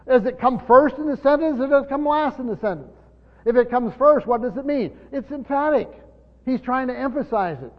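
A man with a high voice teaching a Bible lesson from a church pulpit. He speaks with emphasis and keeps posing rhetorical questions to the room. The recording is dull and lo-fi, with a long hall reverb trailing each phrase. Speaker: pastor teaching Bible study. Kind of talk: teaching sermon.

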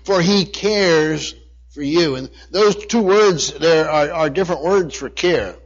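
A man's voice: fairly high pitch, slow pace. A man preaching a sermon, reading scripture aloud and repeating key phrases earnestly. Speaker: pastor. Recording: dull lo-fi recording.

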